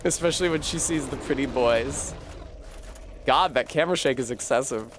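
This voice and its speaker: A man's voice: medium pitch, moderate pace, noisy background. A man streaming a video game, rambling through profane, joking retellings of a book. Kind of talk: casual gameplay chat.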